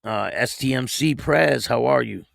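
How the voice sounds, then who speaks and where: A man's voice: medium pitch, a little slow, creaky, fairly bright tone. A man hosting a casual livestream, greeting viewers by name and reading news stories aloud with small stumbles. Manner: reads chat names and donations aloud, reads news with stumbles. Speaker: online show host.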